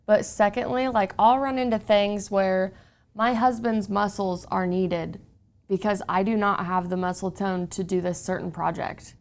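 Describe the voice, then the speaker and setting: Podcast host: a woman, smooth but gravelly, flat delivery, casual and agreeable. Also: mid-range voice, a little slow.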